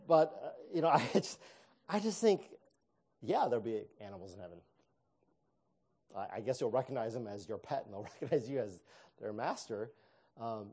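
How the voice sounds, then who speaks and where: A man's voice: mid-range voice, dark tone. A man preaching a sermon in a conversational way, with fillers and restarts. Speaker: pastor.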